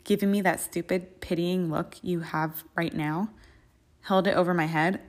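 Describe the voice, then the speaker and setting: A proud, bitter young wizard voiced by a woman reader snarls and sneers his way through a fan fiction audiobook. The voice sits a little low and stays defensive and cutting. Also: steady tone, normal speed, natural voice. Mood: scornful.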